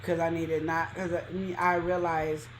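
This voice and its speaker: A woman's voice: lowish voice, little pitch movement, normal speed, roomy sound, a little hiss or hum, low-quality recording. A woman co-hosting a podcast, giving emphatic, colloquial relationship advice in casual chat. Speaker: podcast co-host.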